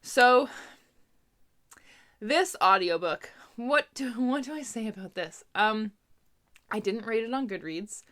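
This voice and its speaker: Speaking slowly with frequent pauses, this young Canadian woman reviews books she's read in a relaxed booktube chat. Her voice is a little high, expressive and somewhat bright, and she laughs often amid plenty of asides.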